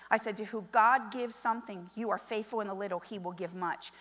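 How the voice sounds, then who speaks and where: A middle-aged woman pastor preaching a sermon, moving from soft storytelling to loud, emphatic calls. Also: medium pitch, fairly quick. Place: church sanctuary. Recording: long reverb of a large hall.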